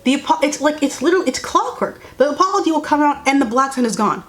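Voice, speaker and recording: A woman's voice: high-pitched, lively intonation, fast talker. Blunt, exasperated young woman vlogger. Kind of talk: casual commentary vlog while doing makeup.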